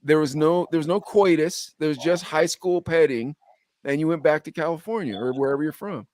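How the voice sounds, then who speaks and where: A young adult man hosting a podcast, telling a story with animated quoted dialogue in casual chat. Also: on the high side, brisk, no room sound, studio quality. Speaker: podcast host.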